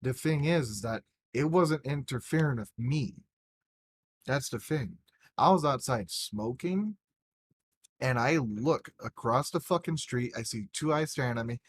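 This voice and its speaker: A man's voice: mid-range voice, lively intonation, a little slow, slightly rough, no echo. Tipsy swearing man telling stories. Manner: rambling, heavy swearing, tipsy. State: drunk. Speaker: podcast co-host. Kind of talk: casual chat.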